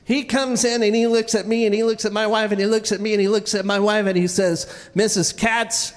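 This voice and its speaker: A man telling a wry, self-deprecating comic story on stage at a live event, with halting restarts. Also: high-pitched, level tone. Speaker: featured storyteller. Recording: reverberant live hall.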